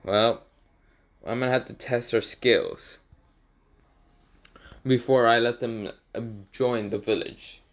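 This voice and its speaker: A man's voice: mid-range voice, steady tone, takes it slowly, long pauses. A man voicing a commanding female village leader, bossy and matter-of-fact, in a spoken fan story.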